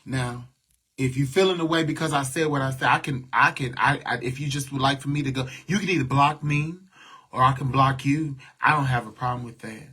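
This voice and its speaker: A man's voice: mid-range voice, steady tone, a little fast, bright, forceful tone, husky. A man venting to viewers on a livestream, blunt and talking back to their comments. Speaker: livestream host.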